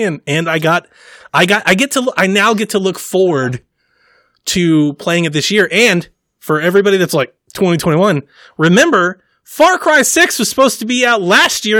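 A man's voice: high-pitched, sing-song, normal speed, a bit bright, dry recording, studio quality. A man co-hosting a podcast in casual chat, enthusiastic and rambling. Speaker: podcast co-host.

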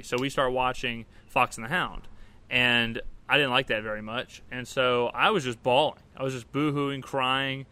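A man telling a rambling personal story to camera, casual and animated, full of restarts. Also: medium pitch, fast talker. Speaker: vlogger.

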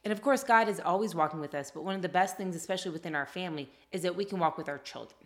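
Earnest woman telling family stories, low-pitched. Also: racing. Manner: earnest, heartfelt storytelling. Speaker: podcast co-host. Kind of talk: casual chat.

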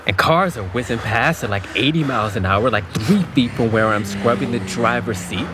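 A man's voice: medium pitch, normal speed, background noise, lightly acted. A young man narrating his own story in an audio drama, reflective and subdued. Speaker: narrator and lead character.

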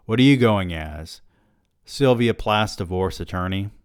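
A man's voice: lowish voice, expressive, unhurried, clear, resonant tone, no echo, clean studio sound. A man putting on a wary, teasing young woman.

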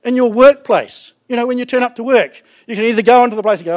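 A man preaching a sermon in an animated, joking way, laughing often. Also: extremely high pitch, quick pace. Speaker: pastor. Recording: dull lo-fi recording.

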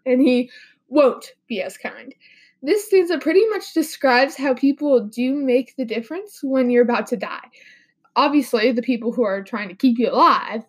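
A woman's voice: sits high, breathy edge. A young woman, a little sick and coughing, earnestly explaining a poem as a podcast guest in a casual way. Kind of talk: mock podcast poetry analysis.

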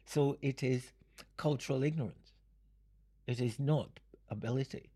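An older man answering audience questions, explaining his points in an unhurried, halting way and chuckling between them. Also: mid-range voice, warm tone, breathy edge. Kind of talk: Q and A talk.

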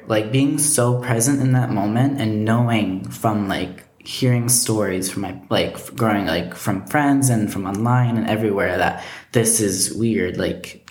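Low-voiced man rambling in a roomy echo. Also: moderate pace. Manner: rambling, heavy use of filler "like". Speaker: podcast guest, musician. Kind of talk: personal story told in casual conversation.

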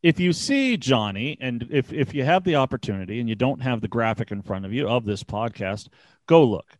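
A man's voice: medium pitch, moderate pace, dry recording. A man hosting a podcast, casually telling a road-trip story, swearing often and acting out the dialogue. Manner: animated, swears freely, acts out dialogue. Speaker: podcast host.

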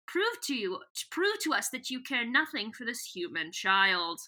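Woman putting on a scheming alien warlord, taunting, mock-grand, fairly high, sharp tone. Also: sing-song, normal speed, heavily acted. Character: scheming alien male warlord, smug and cruel.

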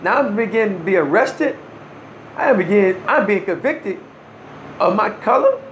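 High-voiced man telling his story. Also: animated, normal speed, a bit bright, slight background noise. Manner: earnest, emphatic, with short restarts and wry laughs. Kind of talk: personal first-person storytelling. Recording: roomy echo.

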